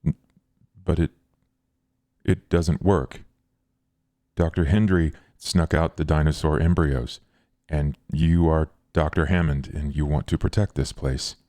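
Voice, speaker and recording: A strikingly deep, dark-toned made creature, voiced by a man, lectures in a flat, literal-minded way. Every word is taken at face value and delivered without irony. The sound is close and dry. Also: measured pace, pauses often, no room sound. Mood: pedantic. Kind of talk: in-character tabletop role-play.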